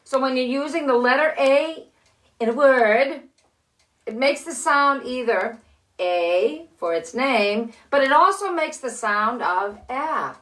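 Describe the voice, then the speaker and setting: Older lady teaching kids their letters, slow and upbeat, bit high voice. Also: lively intonation, fairly bright tone. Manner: slow, cheerful and encouraging, often laughing. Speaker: children's story host. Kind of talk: phonics lesson and read-aloud for children. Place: living room.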